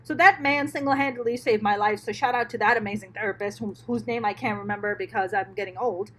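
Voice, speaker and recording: A middle-aged woman, a stand-up comedian, telling her life story as a podcast guest in a candid, profane, animated way. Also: medium pitch, quick pace. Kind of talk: casual interview storytelling.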